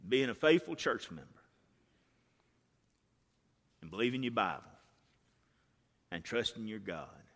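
Male preacher, folksy sermon voice, animated pitch, echoing hall. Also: unhurried, long pauses. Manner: folksy storytelling, swings from hushed to shouting. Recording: reverberant hall.

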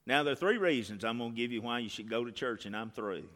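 Male preacher, folksy sermon voice, animated pitch, echoing hall. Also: fast talker. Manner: folksy storytelling, swings from hushed to shouting. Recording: reverberant hall.

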